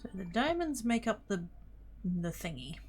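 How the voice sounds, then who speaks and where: A woman streaming a game, chatting casually and muttering to herself as she plays, easily excited. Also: medium pitch, measured pace, soft background music. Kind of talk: casual gaming livestream chat.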